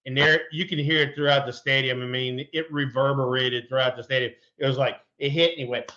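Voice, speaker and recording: Middle-aged ex-player co-host, mid-pitched, loose and salty storyteller; dull lo-fi sound. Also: male voice, a little fast, few pauses. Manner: relaxed, profane, colorful anecdotes. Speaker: former pro baseball player, podcast co-host. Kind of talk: casual sports chat and storytelling.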